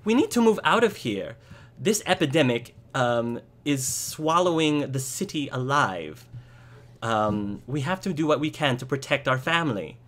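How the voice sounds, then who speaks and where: Fretful farm wife, raised pitch, urgent, played by a man. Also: animated, unhurried, a bit bright. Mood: worried. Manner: urgent, fussing. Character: anxious farmer's wife, middle-aged, fretful.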